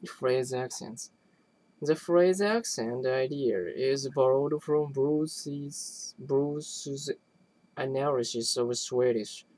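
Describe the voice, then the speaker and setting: A person reading an academic linguistics text aloud, haltingly, often restarting words and phrases. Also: medium pitch, darkish tone, no room sound, poor audio.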